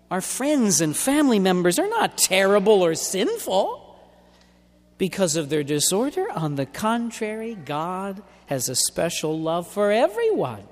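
A man preaching a sermon in an emphatic, deliberate way, stretching out key words. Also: sits high. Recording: long hall reverb.

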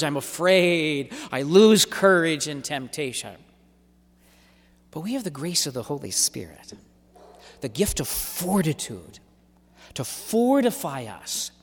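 Animated man preaching in an echoing hall. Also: a little high. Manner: animated, emphatic preaching with rhetorical repetition. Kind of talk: sermon.

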